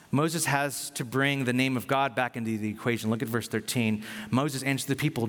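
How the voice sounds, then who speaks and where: A man preaching a sermon in an animated way, often jumping into loud quoted voices. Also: mid-range voice, moderate pace, hardly any pauses, big-room sound. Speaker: pastor.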